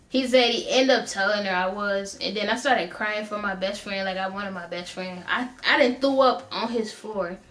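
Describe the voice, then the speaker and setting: Animated young woman telling a story. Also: mid-range voice. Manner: animated, laughs often, slangy asides like bro. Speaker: vlogger. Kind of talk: casual storytelling.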